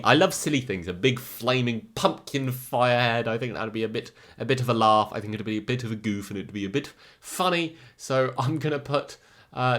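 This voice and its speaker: A man with an English accent giving casual, jokey commentary as a video host, swinging between excitement and deadpan remarks. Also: mid-range voice. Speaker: YouTuber ranking comic villains.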